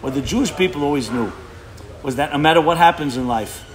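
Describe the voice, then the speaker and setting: A man's voice: on the high side, fast. A man speaking as a rabbi, giving an impassioned sermon to an audience, emphatic and often breaking off to restart his words.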